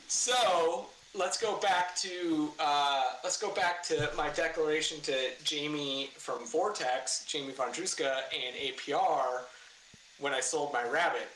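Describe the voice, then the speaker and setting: A man's voice: on the high side, takes it slowly. A man telling a story as a guest in a casual podcast interview. He acts out what others said, swears freely and laughs at his own story. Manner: animated, acts out quotes loudly, swears, laughs. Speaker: guest, car builder and former racer. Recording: echoey room with faint ambient noise.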